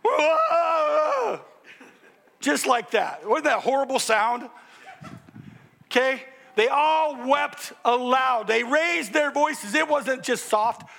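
An older male pastor preaching a sermon, joking and animated, calling out to the congregation and now and then breaking into loud exclamations. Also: very high voice, slow pace, vocal fry.

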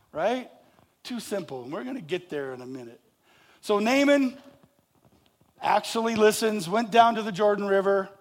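A man preaching a sermon, animated and jokey, acting out people's reactions and asking his congregation questions. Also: high-pitched. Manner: animated, acts out reactions with rising and falling loudness. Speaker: pastor.

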